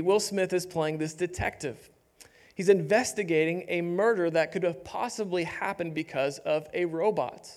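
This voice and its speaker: A young man preaching a sermon, animated and humorous, acting out voices from the story. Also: sits high. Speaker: pastor.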